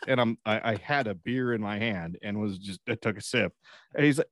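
A man's voice: fairly low pitch, a little fast, dry recording, studio quality. A man co-hosting a podcast, telling rambling, profane stories in casual chat and acting out the people in them. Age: adult parent. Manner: rambling, profane storytelling with acted-out quotes. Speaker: podcast co-host.

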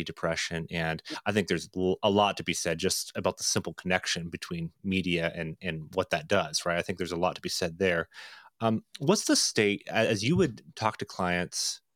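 Guy hosting a podcast, really deep voice, rambly questions, dry close mic. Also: fairly bright tone, no room sound. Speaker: podcast host. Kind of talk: podcast interview.

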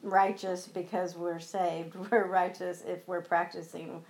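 A woman's voice: on the low side, little pitch movement, a little slow, darkish tone, a little hiss or hum, low-quality recording. A woman in a Bible study group, thoughtfully adding a point and quoting scripture. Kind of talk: casual group discussion.

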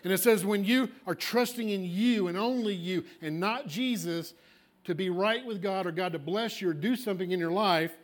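A male pastor preaching a sermon, emphatic, swinging between loud declarations and hushed asides. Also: sits high, moderate pace. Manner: acts out congregants' objections in a small voice.

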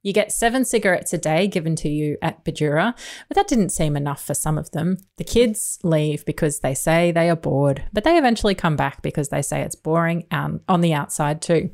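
Woman co-host, somewhat low voice, relaxed chatty delivery with lots of filler words. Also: fairly quick. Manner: chatty, researched, lots of ums and asides. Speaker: podcast co-host. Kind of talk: casual chat.

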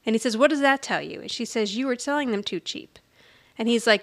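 A woman's voice: on the high side, a little fast. A woman co-hosting a podcast, retelling a sitcom episode in casual chat and acting out the characters' lines. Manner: animated retelling, acting out quoted lines with light laughter.

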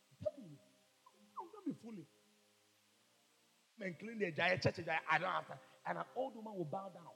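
A man preaching a fervent sermon, rising to shouts. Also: high voice, sing-song, fairly quick, vocal fry, pauses often, in a large hall, rough recording. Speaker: pastor.

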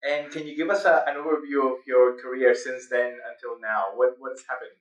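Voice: medium pitch, steady tone, fairly quick, rough recording. An interviewer asking questions and giving short encouraging replies. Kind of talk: casual interview.

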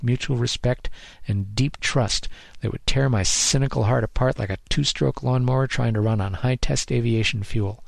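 A man, the author, reading his own first-person noir story in a measured, deadpan way. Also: medium pitch, creaky, dry recording.

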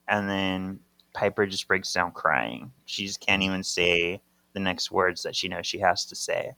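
A man's voice: deep voice, unhurried, vocal fry, pushed and bright, no room sound. A man co-hosting a podcast, recapping a comic book panel by panel and briefly voicing the characters' lines. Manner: narrates panels and voices characters in brief quotes. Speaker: podcast co-host. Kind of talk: casual chat, reading a comic aloud.

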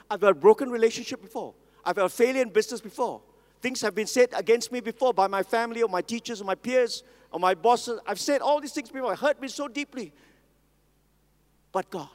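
Man, pastor, sermon, high-pitched voice, emphatic repetition, long hall reverb. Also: a little mellow. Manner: emphatic, repetitive, calls for congregation response.

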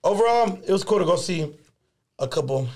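Profane, animated young man telling a story. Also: high-pitched, fairly quick. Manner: profane, animated storyteller, slips in Spanish slang. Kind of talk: casual storytelling on a podcast.

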